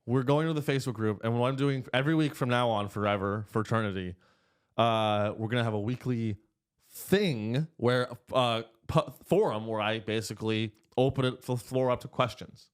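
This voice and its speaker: A man in his thirties hosts a casual comedy podcast from a studio, speaking at a normal pace with a clean tone. He rambles, gets crude, cracks plenty of jokes, and swings his pitch widely.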